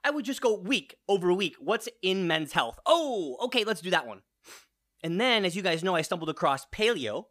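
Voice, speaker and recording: A man's voice: high-pitched, big pitch swings, moderate pace, a bit bright. A man in his late thirties with a runny nose, giving a casual fitness vlog, swearing now and then and firing rhetorical questions at his viewers. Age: 30s. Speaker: fitness vlogger.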